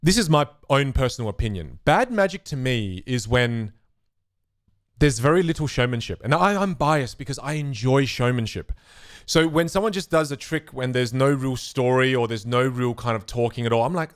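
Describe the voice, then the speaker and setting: A young magic instructor answers viewer questions on a live stream, chatty and animated, acting out the voices of spectators and hecklers. His mid-range voice comes through with clean studio sound and no room sound.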